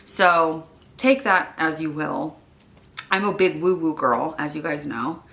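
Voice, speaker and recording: Chatty, bright-voiced young woman vlogging at home. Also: low voice, slow pace, gravelly. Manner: chatty, rambling, many "like" fillers; emotional, wavering at times. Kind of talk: casual vlog chat. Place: her home.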